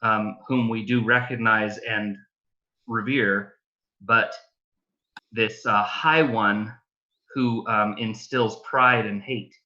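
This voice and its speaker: A tabletop-game player, a man who speaks slowly and hesitantly, restarting his sentences. His voice is bright, and the recording sounds slightly dull and lo-fi. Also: lowish voice, fairly even intonation. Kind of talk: casual tabletop role-play.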